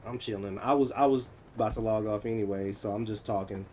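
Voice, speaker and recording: American guy in his 30s, casual stream chat, animated and teasing, laughs a bunch. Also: lowish voice, quick pace, slight background noise. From United States. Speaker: livestreamer answering chat.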